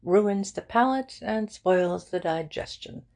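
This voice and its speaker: A woman voicing a breezy, witty young aristocratic gentleman who talks emphatically in clipped phrases. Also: mid-range voice, expressive, slow, creaky, pitched above the performer's own voice. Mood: jaunty. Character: jaunty young aristocratic Englishman, lively, witty.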